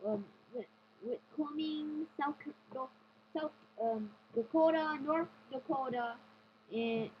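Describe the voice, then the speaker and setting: A woman with a high-pitched voice gives an amateur weather report from a map, speaking slowly, hesitating and stumbling over place names. The dull, lo-fi recording carries a slight hiss or hum.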